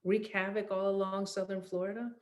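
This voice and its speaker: A woman's voice: medium pitch, flat delivery, brisk. A middle-aged woman answering interview questions about her acting work, talking casually with many fillers and restarts, and laughing easily. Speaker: actress being interviewed.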